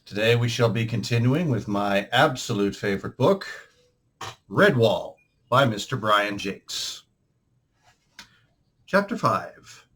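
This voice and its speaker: A man hosting a read-aloud show, narrating a storybook with expressive rises and falls in tone. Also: on the low side, slow, long pauses. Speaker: host reading a book aloud.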